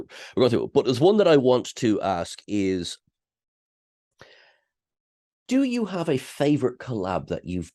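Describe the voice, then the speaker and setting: A man interviewing a podcast guest, phrasing things in a measured, careful way with small restarts. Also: fairly low pitch, a little mellow, no room sound, clean studio sound.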